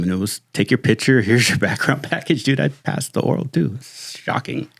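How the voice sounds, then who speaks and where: A middle-aged man, a retired sheriff's lieutenant, telling stories in a casual, animated way and saying "dude" often. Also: mid-range voice, a little fast, creaky, husky, no echo, clean studio sound. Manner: animated, slangy, says "dude" constantly. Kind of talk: casual storytelling chat.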